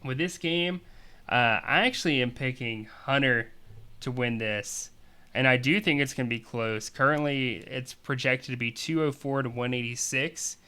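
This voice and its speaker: A man's voice: medium pitch, normal speed, sharp tone, clear, resonant tone. A man hosting a fantasy league show, giving rambling, chatty matchup analysis full of fillers. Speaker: fantasy league podcast host. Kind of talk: casual sports talk commentary.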